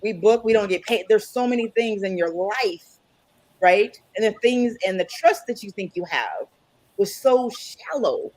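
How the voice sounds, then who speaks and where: A woman reflecting in a measured way in a casual conversation. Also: mid-range voice, darkish tone, rough recording. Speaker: guest. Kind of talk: casual chat.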